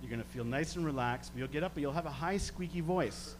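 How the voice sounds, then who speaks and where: A man with a slightly high voice leads a live hypnosis demonstration. He talks subjects under with slow, soothing suggestions and chuckles often between them. A faint hum sits under his voice. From Canada. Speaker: stage hypnotist guest.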